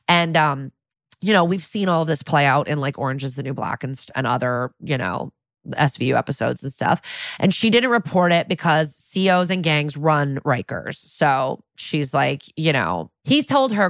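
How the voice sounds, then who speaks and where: Low-voiced woman recapping animatedly. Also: moderate pace, dry recording, studio quality. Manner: animated storytelling, acting out quoted lines. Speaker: podcast co-host. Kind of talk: casual episode recap.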